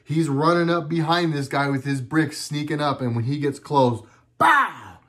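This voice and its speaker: Earnest, halting middle-aged man, slightly high voice. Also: steady tone. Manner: rambling, earnest, halting with many restarts. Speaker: video blogger. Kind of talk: casual monologue to camera. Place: at home.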